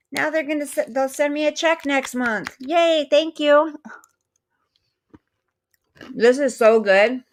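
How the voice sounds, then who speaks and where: A woman hosting a casual livestream, chatting with viewers, thanking them and eating as she talks. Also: high-pitched. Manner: chatty, thanks viewers warmly, eats while talking. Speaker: livestream host.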